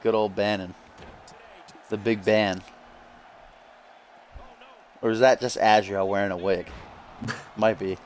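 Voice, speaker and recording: A man's voice: lowish voice, flat delivery, takes it slowly, pauses often, a little hiss or hum. A man hosting casual video game wrestling commentary, joking and swearing with his co-hosts. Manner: joking, profane, laughs often. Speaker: host and commentator.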